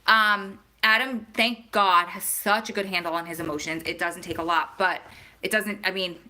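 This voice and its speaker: A woman's voice: fairly low pitch, bright, forceful tone. A woman vlogger in casual chat, answering viewer questions and talking straight to her audience. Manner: chatty, talks straight to viewers.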